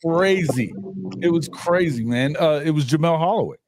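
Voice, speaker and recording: A man's voice: a little high, animated, moderate pace, a crowd in the background. A middle-aged man hosting a casual sports podcast, telling stories animatedly and laughing often while chatting remotely. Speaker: podcast host, sports writer. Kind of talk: casual chat. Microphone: remote call mic.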